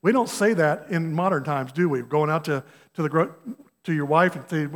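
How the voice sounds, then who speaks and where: A man's voice: on the high side, moderate pace, big-room sound. A man giving a sermon as a guest preacher, talking conversationally and asking the congregation questions. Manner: conversational, asks the congregation questions, folksy examples. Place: church sanctuary.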